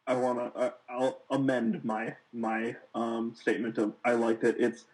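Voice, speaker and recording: A man's voice: mid-range voice, level tone, a little slow, darkish tone, poor audio. A man in a casual movie review chat, talking hesitantly with many restarts.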